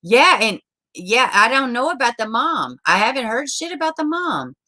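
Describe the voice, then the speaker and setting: Woman streamer, bright voice, chatty and salty, calls viewers "baby". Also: fairly high pitch, very animated, moderate pace. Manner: chatty, swears, greets viewers with endearments. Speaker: livestream host. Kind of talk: casual livestream chat reading viewer comments.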